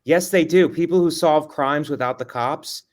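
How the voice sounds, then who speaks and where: A man co-hosting a comedy podcast, teasing his partner in a deadpan way during casual chat. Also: fairly high pitch, moderate pace. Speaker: podcast co-host.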